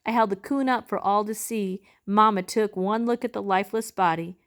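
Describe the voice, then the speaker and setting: Woman, reading a novel aloud, expressive, measured, mid-pitched voice. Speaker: reader.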